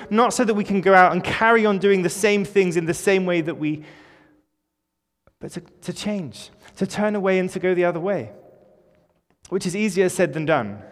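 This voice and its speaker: Male pastor, slightly high voice, chatty sermon delivery with gentle humor, long church reverb. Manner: informal, conversational preaching with light jokes.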